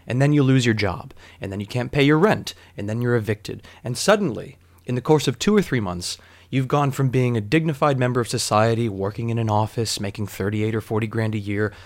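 A man telling a long story in a casual, rambling way, wandering into digressions and scattering fillers as he goes. His voice sits at an ordinary pitch. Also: a little fast.

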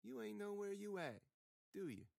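A man's voice: big pitch swings, normal speed, creaky, a little mellow, dry recording, clean studio sound, exaggerated voice. A man voicing a chubby, bold little boy who sasses back in a rural drawl. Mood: gentle. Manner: squeaky, sassy rural drawl.

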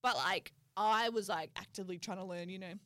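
A woman, co-hosting a podcast in casual chat and telling stories in an animated way, laughing often. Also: mid-range voice, a little fast, no echo. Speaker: podcast co-host.

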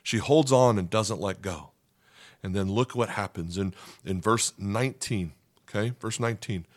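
A man's voice: fairly low pitch, normal speed, dry recording. A man preaching a sermon as a pastor, earnest and emphatic, often checking in with "okay?".

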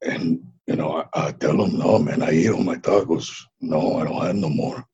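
Male actor as a mellow ex-wrestler guest: low, very husky drawl, calls everyone "man". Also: steady tone, moderate pace, highs cut off, exaggerated voice. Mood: laid-back. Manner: laid-back, drawling, says "man" constantly. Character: laid-back Mexican ex-wrestler man who hatched from an egg. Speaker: interview guest. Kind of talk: improvised comedy interview.

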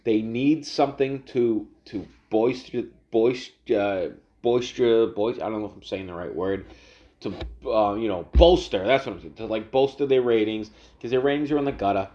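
A man's voice: fairly low pitch, normal speed, mellow, highs cut off. A man ranting casually about politics, rambling and swearing, with lots of restarts and fillers. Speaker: political commentary vlogger.

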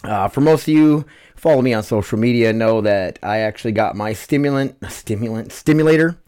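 A man's voice: mid-range voice, brisk, darkish tone, clean tone. A man hosting his own podcast in a loose, rambling way, full of fillers, swearing and self-deprecation, while dealing with nerve pain. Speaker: podcast host. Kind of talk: casual solo podcast talk.

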